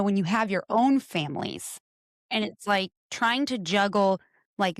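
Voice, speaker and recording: A woman guest on a podcast tells stories in an expressive, animated way. Her voice sits at an ordinary pitch. The sound is dry and close. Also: no room sound. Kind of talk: casual conversation.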